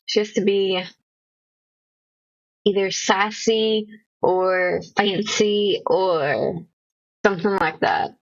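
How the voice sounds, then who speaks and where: A woman's voice: medium pitch, steady tone, slow, gravelly, pauses often, no echo. Young woman streaming from home, rambly and nervous-jokey, dry muffled sound. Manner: rambling, self-conscious, jokey. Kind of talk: casual live-stream chat. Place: home room.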